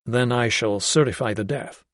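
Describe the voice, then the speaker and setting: A composed young Georgian physician, read by a male narrator in near his natural voice, measured and courteous. His mid-range tone is captured close and dry. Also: mid-range voice, fairly bright tone, no room sound, lightly acted. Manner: measured, polite. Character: calm, composed young male 18th-century doctor.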